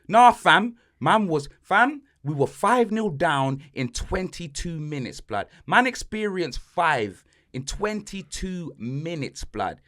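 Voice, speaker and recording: A man's voice: on the high side, sing-song, takes it slowly, a bit bright. A young man, a podcast host ranting angrily about his football team, swearing and fuming. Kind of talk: football rant.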